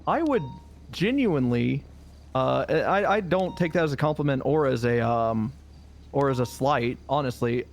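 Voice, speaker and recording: A man's voice: mid-range voice, normal speed, vocal fry, a little hiss or hum. A man playing a police officer in a role-play game, telling a story animatedly and swearing freely. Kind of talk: in-character role-play chat.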